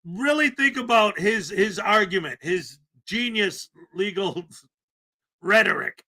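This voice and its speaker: A man's voice: high-pitched, lively intonation, slow, sharp tone. A middle-aged man hosting a live commentary stream, rambling and sarcastic, often laughing. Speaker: host.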